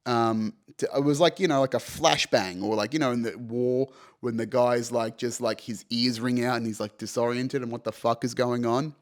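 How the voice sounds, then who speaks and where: A man in his young adult years talks through a personal story on his podcast, loose and animated. He swears freely and leans on "you know" and "right?" as he goes. His voice sits at an ordinary middle pitch. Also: moderate pace. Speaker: podcast host. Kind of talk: casual storytelling monologue.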